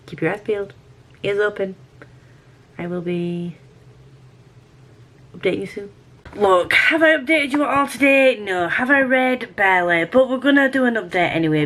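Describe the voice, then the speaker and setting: A woman's voice: medium pitch, a bit bright. Woman, young adult, chatty and rambling, casual book vlog, mid-range voice. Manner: chatty and rambling, quick asides. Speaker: book vlogger. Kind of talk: casual weekly reading vlog.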